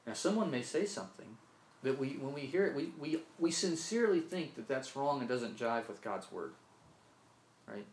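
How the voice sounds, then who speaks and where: A man's voice: mid-range voice, expressive, moderate pace, a little mellow. A man from Mississippi preaching a sermon, earnest, often repeating himself and asking "right?". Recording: roomy echo, faint ambience.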